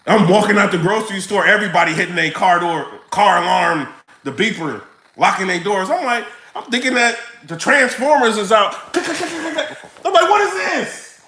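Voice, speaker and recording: A man ranting casually to camera in his vlog, animated, full of slang and laughing often. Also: high-pitched, a little fast, echoey room, a little hiss or hum, poor audio. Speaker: vlogger.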